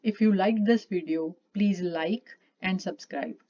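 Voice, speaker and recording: A woman teaching English vocabulary, naming one word after another in a slow, deliberate way. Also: lowish voice, mellow. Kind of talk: reading a vocabulary list. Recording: muffled lo-fi sound.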